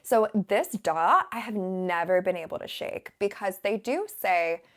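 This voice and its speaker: An American woman from the Southern United States, an English teacher chatting casually to camera in a relaxed, rambling way and laughing often. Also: medium pitch, measured pace.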